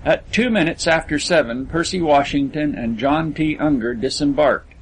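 A man narrating a literary story as an audiobook, in a measured storytelling manner. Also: on the high side, a little hiss or hum, rough recording.

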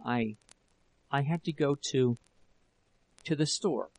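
A man reading the part of a weak, terrified young wife in an audiobook, speaking low, faltering and breathless. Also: measured pace, natural voice, low-quality recording. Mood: faltering, afraid.

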